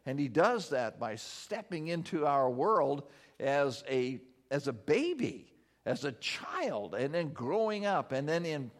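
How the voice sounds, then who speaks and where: A man preaching a sermon as pastor, earnest, slowing down for emphasis and dropping soft and low when he prays. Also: sing-song.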